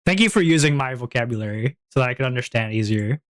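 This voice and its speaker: A man streaming and chatting casually, rambling and breaking into high-pitched giggles. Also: animated, fast, dry recording, clean studio sound. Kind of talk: casual chat.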